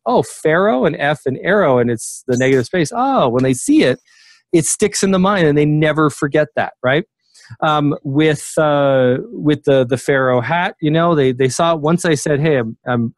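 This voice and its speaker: A man's voice: medium pitch, a little mellow, no echo. A man in his sixties, a memory expert guest, talking casually in an interview with many fillers and restarts.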